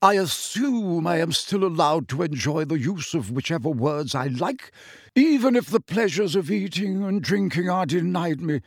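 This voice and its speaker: A man's voice: on the high side, expressive, unhurried, gravelly, darkish tone, dry recording, studio quality, pitched above the performer's own voice, full character voice. A man voicing a fussy, easily offended old male ghost nobleman in a storybook reading. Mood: affronted. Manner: prim, reproving, affronted.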